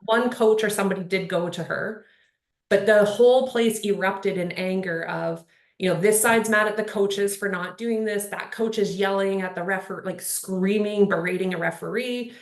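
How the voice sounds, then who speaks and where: A woman's voice: medium pitch, steady tone, normal speed. A woman speaking on a panel in casual conversation, earnest and rambling, with lots of "like" and "you know". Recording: roomy echo.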